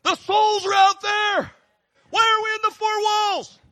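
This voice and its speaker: Man playing a shouting fiery evangelist, high and frantic. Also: flat delivery, unhurried, no echo, clean studio sound, exaggerated voice.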